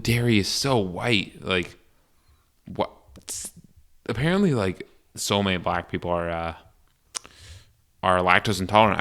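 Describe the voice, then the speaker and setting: A young man rambles his way through a solo podcast, crude and full of restarts and fillers. His voice sits low but comes out bright and clear. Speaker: podcast host. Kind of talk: casual solo podcast monologue.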